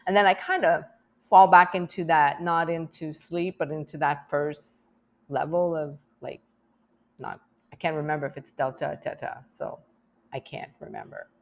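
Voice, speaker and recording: A woman's voice: sits low, fairly even intonation, moderate pace, creaky. A middle-aged woman talking candidly in a personal vlog, emotional and rambling, laughing often and restarting her sentences. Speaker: vlogger.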